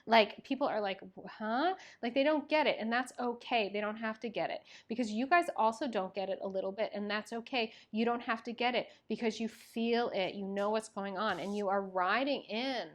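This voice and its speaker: A woman's voice: on the high side, a little fast, few pauses. Gushing young woman reading tarot. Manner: gushing, effusive, many fillers. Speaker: tarot reader.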